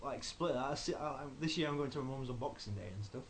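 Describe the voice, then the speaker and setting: A young man co-hosting a casual podcast, jokey and quick with banter. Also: mid-range voice, a little hiss or hum. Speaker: podcast co-host. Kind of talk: casual chat.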